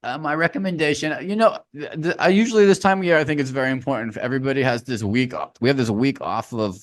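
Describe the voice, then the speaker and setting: A man's voice: mid-range voice, quick pace, no room sound. A man co-hosting a podcast in casual chat, riffing loosely with slang and the odd swear word. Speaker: podcast co-host.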